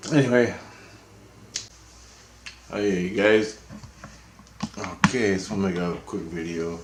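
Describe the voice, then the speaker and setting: A man's voice: low-pitched, a little slow, roomy sound, background noise. A man giving a rambling, casual spiritual monologue at home, swearing and repeating himself. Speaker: spiritual vlogger. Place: apartment, indoors.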